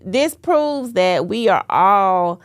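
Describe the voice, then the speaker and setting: A woman's voice: mid-range voice, expressive, slow, no room sound, studio quality. A young adult woman co-hosting a faith podcast, chatting casually with laughing asides. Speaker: podcast co-host.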